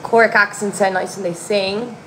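A young Irish woman with a Louth accent chats with her viewers in a loose, blunt, opinionated way and laughs often. Her voice sits at an ordinary pitch for a woman. The sound bounces around a roomy space, with a faint hum of ambience behind it. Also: fairly even intonation, normal speed. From Ireland, County Louth. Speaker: streamer chatting with viewers. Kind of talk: casual chat reading viewer comments.

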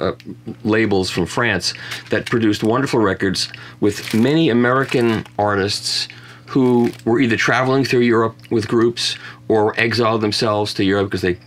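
A man's voice: on the low side, a little hiss or hum. A man reviewing vinyl records in a casual conversation, chatty and full of self-mocking jokes and restarts. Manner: chatty storyteller who often restarts and jokes about himself.

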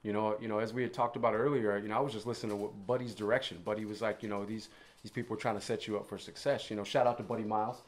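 A man's voice: fairly low pitch, little pitch movement, rapid-fire. A man chatting as a podcast guest, laid-back and full of easy fillers. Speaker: guest, musician and actor. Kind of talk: casual chat.

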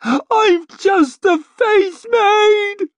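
A man's voice: extremely high pitch, drawn-out words, dry recording, voice pushed up, full character voice. A man voicing a snobbish young ladies' maid who shrieks, pleads and cries in terror. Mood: terrified.

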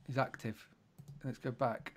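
A man co-hosting a podcast in a casual chatty way. His voice sits at an ordinary middle pitch, and he laughs easily between lines. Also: little pitch movement, unhurried. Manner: chatty, laughing at tech troubles. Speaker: podcast co-host. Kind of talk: casual chat.

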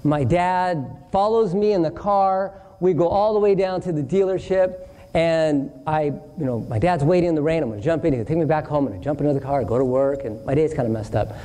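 A man preaching as a pastor, telling a long personal anecdote in an animated way and acting out each voice in it. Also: a little high, fairly quick. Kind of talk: storytelling sermon. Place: church hall. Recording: distant hall reverb, faint noise.

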